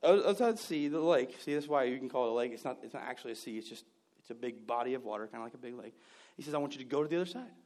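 A man's voice: mid-range voice, very fast, a little mellow. A man preaching a sermon, telling stories with mimicked voices and joking, sarcastic asides. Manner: jokey, sarcastic humor. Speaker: pastor.

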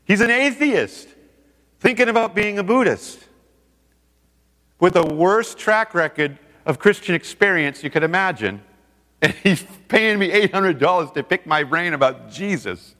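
A man telling a story to a seminar audience in a lively, animated way, acting out the people he quotes. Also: high-pitched, unhurried. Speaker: seminar speaker. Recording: long hall reverb.

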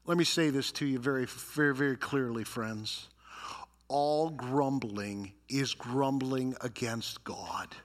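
A man's voice: medium pitch, a little slow. A male pastor preaching a sermon, acting out complaining voices and reading scripture with dramatic emphasis. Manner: dramatic, voices grumblers and reads scripture with rising intensity.

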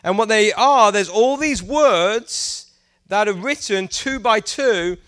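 High-voiced British preacher teasing his crowd. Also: slow pace, fairly bright tone, dry recording, studio quality. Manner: playful, teasing the audience; interactive, prompting the crowd to answer. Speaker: youth pastor. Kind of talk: sermon to a youth gathering.

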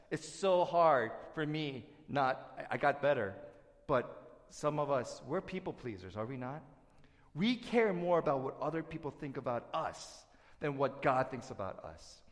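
A man preaching a sermon as pastor, swinging between hushed scripture reading and loud, animated exhortation. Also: fairly high pitch. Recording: long hall reverb.

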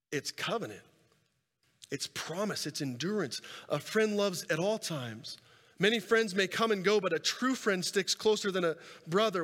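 A man preaching a sermon and telling a scripture story with animated delivery, swinging between loud and soft and repeating words as he goes. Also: high-pitched. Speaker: pastor. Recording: reverberant hall sound.

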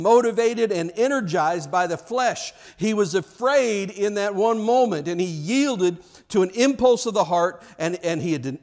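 High-voiced impassioned male preacher. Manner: impassioned, rising to loud cries, repetitive emphatic phrasing; stumbles and repeats words. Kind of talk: sermon.

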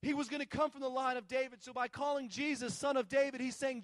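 A man's voice: extremely high pitch, fairly even intonation, fast talker, a bit bright, no echo. A male pastor delivering a sermon, telling a Bible story with emphatic repetition.

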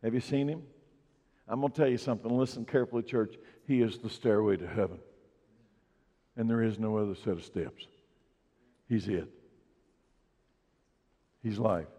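Preaching to his church in its sanctuary, a male pastor uses a lowish, dark voice at a moderate pace, pausing often. He's emphatic, building in force on key points, and the recording sounds dull and echoey, like a church hall.

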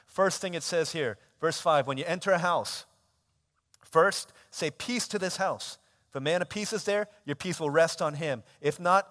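A male pastor preaching a sermon, telling stories animatedly and moving between loud and hushed. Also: fairly high pitch. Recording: long hall reverb.

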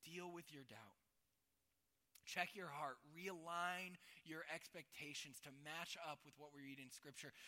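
Young male pastor, sharp bright tone, chatty asides, big reverberant sanctuary. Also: on the high side. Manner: builds from quiet to a loud climax; conversational with asides like "right?". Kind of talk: sermon. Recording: long hall reverb.

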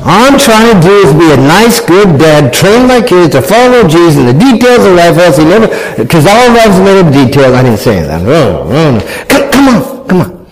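Lively storytelling father. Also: high voice, normal speed, noisy background. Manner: animated, self-mocking, acts out family members' voices. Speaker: father telling a family story to an audience. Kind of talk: humorous storytelling talk.

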